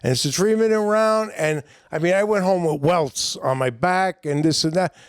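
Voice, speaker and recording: A middle-aged man with a New York accent, a comedian guest telling a long story in a rambling, animated way with lots of fillers. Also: sits high, moderate pace, clean tone, no room sound, clean studio sound. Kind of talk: casual storytelling.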